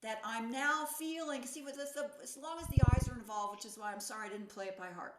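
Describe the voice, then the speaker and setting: A woman's voice: a little high, fast talker, reverberant, very noisy. A woman in her sixties, a pianist, giving a thoughtful talk, searching for words with fillers and restarts. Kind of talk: reflective lecture talk.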